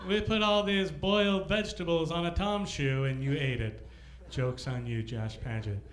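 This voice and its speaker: A man hosting a comedy show, trading quick banter between acts and introducing the next comedian. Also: a little high, steady tone. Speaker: host. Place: comedy club stage. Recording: roomy club with music behind.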